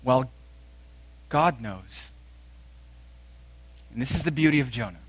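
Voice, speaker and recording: A man preaching a sermon, swinging between loud emphatic declarations and quiet, low phrases. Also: animated, takes it slowly, long pauses, husky, dry recording.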